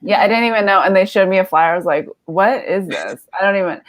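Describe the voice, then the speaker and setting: A woman's voice: mid-range voice, rapid-fire. A woman in her thirties telling a comedy story, rambling and self-deprecating with lots of fillers and laughs.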